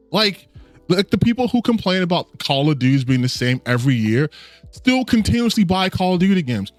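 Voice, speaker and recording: A man's voice: high-pitched, moderate pace, no room sound, faint music behind. A man giving a profane, exasperated rant as a gaming commentator. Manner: profane, exasperated, lively delivery. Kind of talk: ranting commentary.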